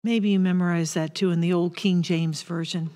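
A woman pastor preaching a sermon in a reflective, deliberate way, with bursts of rising intensity. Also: lowish voice, fairly even intonation, dark tone, in a large hall.

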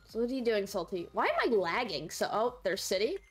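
A woman streamer chatting casually with her viewers during a game livestream, rambling and excitable, quick to shriek and laugh. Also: medium pitch, husky, faint music behind.

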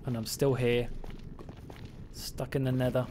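A man's voice: medium pitch, level tone, unhurried, warm tone, a little hiss or hum. A man live-streaming gameplay, chatting playfully, mocking himself and talking to the game creatures and his viewers. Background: game music.

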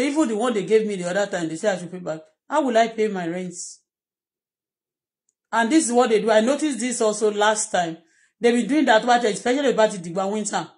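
Impassioned Nigerian woman vlogging. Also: mid-range voice. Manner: impassioned, repetitive, pleading. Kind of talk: emotional personal vlog.

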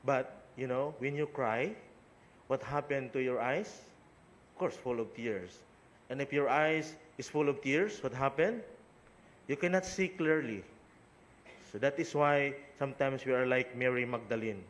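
A man's voice: mid-range voice, slight background noise. A priest with a Filipino accent, a Cebuano speaker, reads the gospel and then preaches in a conversational way, often tagging "no?" onto his sentences. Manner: conversational, frequent tag "no?". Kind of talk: gospel reading and homily.

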